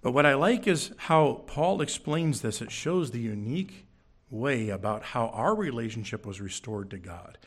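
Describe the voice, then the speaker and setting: A young adult man preaching a sermon as pastor, telling a funny story with quick jokes and sudden high-pitched bursts. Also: expressive.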